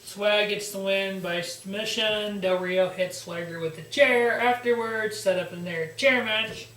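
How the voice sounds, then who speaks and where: A man's voice: high voice, a little slow, pushed and bright. A man hosting a wrestling review show, giving a blunt, sarcastic casual recap and swearing freely. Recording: roomy echo, distant from mic.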